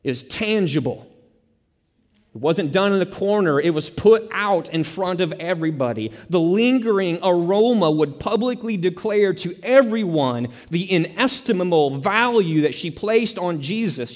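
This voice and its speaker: Emphatic preacher man in a reverberant hall. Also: measured pace. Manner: emphatic, repeats key phrases, drops to soft low tones for stress. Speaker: pastor. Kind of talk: sermon.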